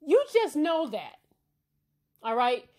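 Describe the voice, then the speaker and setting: A woman's voice: high-pitched, very animated, slow pace, warm tone. A woman who is a parent hosting a casual opinion commentary, talking bluntly and emphatically and often checking in with her listeners. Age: adult parent. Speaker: commentary channel host.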